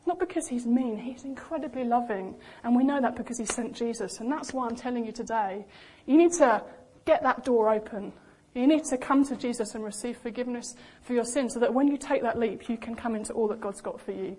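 Lively woman preaching a sermon. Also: fairly high pitch, brisk, breathy edge. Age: young adult. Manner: lively, animated, acts out quoted voices.

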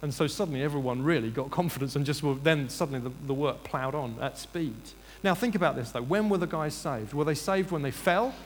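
A man's voice: fairly high pitch, a little fast, few pauses, a little hiss or hum. A man preaching a sermon in earnest, rising to emphatic bursts and restarting his sentences. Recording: reverberant hall, faint ambience.

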